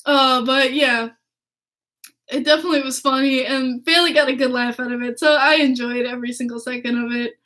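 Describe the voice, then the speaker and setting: A woman hosting a podcast, telling a story in a gushing, excitable way, laughing a lot and swearing freely. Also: high-pitched, moderate pace. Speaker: podcast host. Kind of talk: casual storytelling chat.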